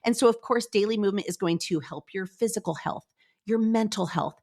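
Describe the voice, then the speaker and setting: A middle-aged woman speaks into the mic in her office, hosting her own motivational podcast. Her voice sits at an ordinary middle pitch, and she is upbeat and chatty, speaking straight to her listeners as if they were in the room. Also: a little fast. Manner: upbeat, chatty, animated, addresses listeners directly. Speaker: podcast host.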